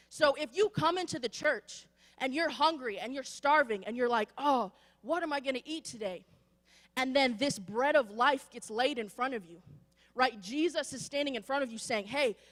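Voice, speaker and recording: A woman preacher giving a lively sermon in a church, acting out voices as she tells stories. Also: high-pitched, big-room sound. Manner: animated storytelling, acts out voices. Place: church sanctuary.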